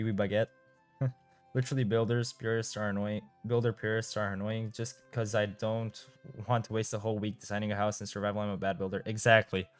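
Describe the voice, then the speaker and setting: A young man from Europe, chatting casually on a game live stream, reading out and answering chat and laughing often. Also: fairly low pitch. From Eastern Europe. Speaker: gaming streamer.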